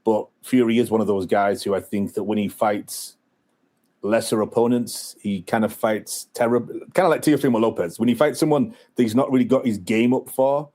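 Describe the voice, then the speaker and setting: Male podcast co-host, low voice, loose rambling boxing talk, lots of "like" and "you know". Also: fairly even intonation, normal speed, a little mellow. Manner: rambling, many fillers and restarts. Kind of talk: casual boxing chat.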